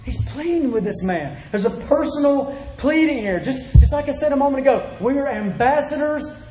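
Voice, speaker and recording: High-voiced man preaching a sermon. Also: animated, moderate pace, dark tone, roomy sound, low-quality recording. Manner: earnest pleading delivery, acts out quoted voices, repeats phrases.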